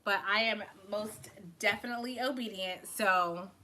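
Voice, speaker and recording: Bright, chatty woman tarot reader. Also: mid-range voice, unhurried. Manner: loose and chatty, heavy on "like", swears and laughs often. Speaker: tarot reader hosting a live stream. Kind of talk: casual live-stream chat.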